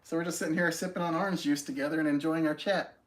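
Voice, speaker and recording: A man's voice: fairly high pitch, fairly even intonation, quick pace. Friendly man hosting a casual live stream. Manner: friendly, greets viewers by name, self-deprecating. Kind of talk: casual chat reading viewer comments.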